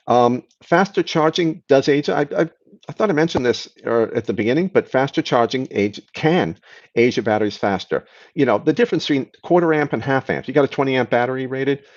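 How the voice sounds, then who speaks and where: A man's voice: mid-range voice, highs cut off. A man hosting a live stream, casually answering chat questions and explaining things patiently, often restarting his sentences.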